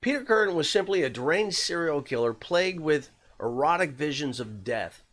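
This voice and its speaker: Telling a true-crime story on his podcast, a man keeps it loose and conversational, with plenty of fillers and an occasional curse. His voice is fairly high and fairly bright, with lively intonation and a moderate pace.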